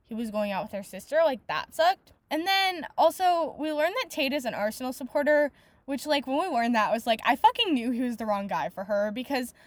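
A woman's voice: sits high, lively intonation, brisk, dry recording. A woman hosting a book podcast, ranting in a casual, exasperated way, swearing often and filling her talk with "like". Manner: rants exasperatedly, swears often, many "like" fillers. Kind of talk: casual book review monologue.

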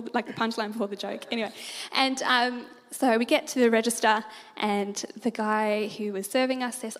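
A woman speaks to a church congregation, her voice sitting a little high. She tells stories in an animated way and laughs easily. Her voice rings out in a hall with a long reverb. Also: fairly quick, few pauses. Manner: animated storyteller, laughs often.

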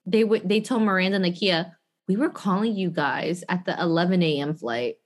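A woman's voice: fairly low pitch, fairly quick. Young woman telling a wild story. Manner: animated storytelling, heavy swearing, acts out quotes. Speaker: storyteller in a group chat. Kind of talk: casual chat with friends.

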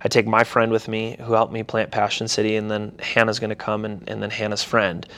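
A man's voice: fairly low pitch, completely flat delivery, fairly quick, fairly bright tone. A young adult man, a pastor, telling a personal story casually in an interview and animatedly acting out quoted voices.

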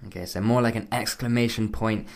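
A man's voice: on the low side, steady tone, brisk, gravelly. A man co-hosting a Mandarin lesson podcast, asking questions and spelling out pinyin and tones. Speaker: co-host learner.

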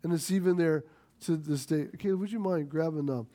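A man's voice: a little high, brisk, dark tone. A middle-aged man from the United States preaching a sermon, retelling a story and acting out its dialogue, with frequent restarts. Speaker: pastor.

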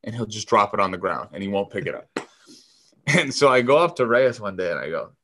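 A man co-hosting a casual podcast, telling animated, profane clubhouse stories with frequent laughter. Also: on the low side, a little fast, slight background noise. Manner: animated, profane, laughs often, acts out voices. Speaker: podcast co-host, former ballplayer. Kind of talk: casual storytelling chat.

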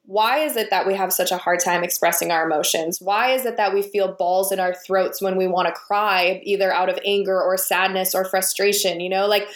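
A woman's voice: mid-range voice, steady tone, a little fast, hardly any pauses. A woman speaking as a podcast guest, earnest and reflective, talking in long flowing runs. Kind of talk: conversational interview. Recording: roomy, echoey sound.

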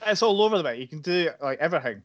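A man's voice: on the high side, lively intonation, racing, fairly bright tone. Wry man on dull audio. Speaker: podcast co-host. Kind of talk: casual film review chat.

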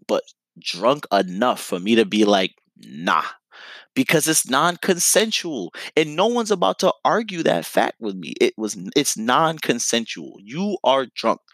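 A man's voice: lowish voice, a bit bright, dry recording. A young man telling a story in a casual, profane, slang-heavy way, full of filler phrases.

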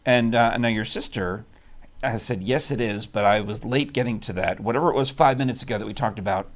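Chatty, animated male show host. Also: on the low side, fairly quick. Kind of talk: casual live-stream chat. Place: studio.

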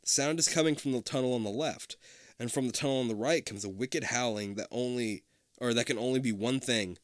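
A podcast co-host with a medium-pitched voice reads a choose-your-own-adventure book aloud at a brisk clip, joking around, cursing freely, laughing often and tossing in crude asides. The studio sound is clean, with no room noise.

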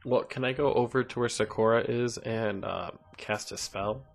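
A man playing a cleric in a tabletop game, arguing the rules in a measured way. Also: medium pitch, steady tone, creaky, over music. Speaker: player. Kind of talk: casual tabletop game chat.

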